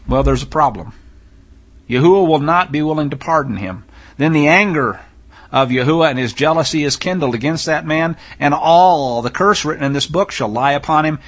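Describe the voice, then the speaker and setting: A man's voice: mid-range voice, slightly rough. A man giving a sermon-style Torah teaching, blunt and emphatic, reading scripture aloud with rising intensity.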